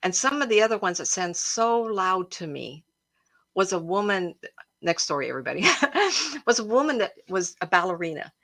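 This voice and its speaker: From her home, with a cat leaping about, a psychic livestream host chats emotionally through casual stories and speaks straight to her viewers. Her voice runs on the low side with big pitch swings, a normal speed, and a fairly bright tone, recorded dry.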